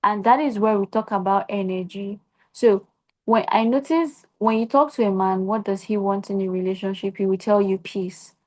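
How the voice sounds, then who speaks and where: A woman's voice: mid-range voice, normal speed, a little mellow. A young adult woman with a Nigerian accent, a podcast guest giving earnest advice in casual conversation and posing rhetorical questions.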